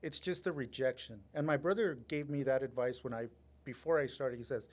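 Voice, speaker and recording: A man who works as an insurance agent, a podcast guest speaking in a relaxed, halting, self-deprecating way. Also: mid-range voice. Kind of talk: casual interview chat.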